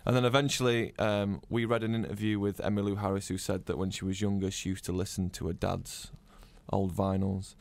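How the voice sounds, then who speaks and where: A northern English man speaks in a low, gravelly voice. He tells his story in a rambling way and keeps restarting his sentences. It sounds like a relaxed guest in casual interview chat. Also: brisk, few pauses. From northern England. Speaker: band member, guest.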